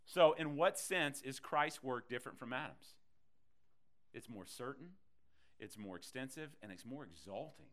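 A man's voice: medium pitch, normal speed. Guy preaching, voice swings up and down a lot, acts out people in his stories. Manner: animated preaching, acting out voices in quotes. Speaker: pastor. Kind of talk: sermon.

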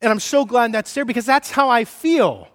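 A man with a notably high voice delivers a sermon to his congregation. He keeps it conversational, slipping in wry jokes between points. The sound carries a long reverb, as in a large church hall. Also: normal speed. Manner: humorous, conversational preaching with playful asides. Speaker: pastor.

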